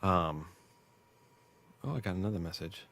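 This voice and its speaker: A man's voice: sits low, expressive, moderate pace, a bit bright. A man rambling casually as host of a test livestream at work, joking and losing his train of thought. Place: workplace.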